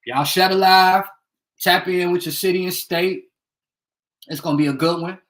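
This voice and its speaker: A young man from Indiana hosts a casual livestream from his bedroom, rambling, swearing freely, and calling out viewers by name. His high-pitched, slightly bright voice holds fairly even intonation at a moderate pace, and the recording is low quality.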